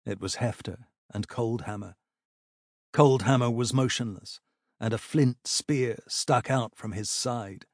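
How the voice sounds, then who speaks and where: Slow, dry-voiced male narrator. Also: medium pitch, dry recording. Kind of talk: audiobook narration.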